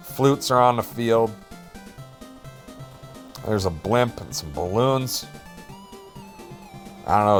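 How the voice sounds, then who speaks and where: A man with a fairly low voice gives relaxed, jokey play-by-play over a video football game, tossing in self-deprecating asides.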